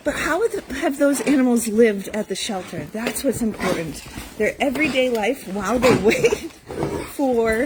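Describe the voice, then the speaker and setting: High-voiced woman cooing at rescue dogs. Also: animated, unhurried, very noisy. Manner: affectionate, talks sweetly to dogs, laughs often. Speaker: founder of an animal rescue. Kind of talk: casual morning vlog. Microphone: handheld phone camera.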